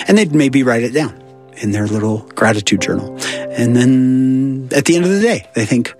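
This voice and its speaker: A man's voice: mid-range voice, lively intonation, normal speed, soft background music. A man talking as a guest in a casual podcast chat, reflective and playing out people's inner thoughts. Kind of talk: casual conversation.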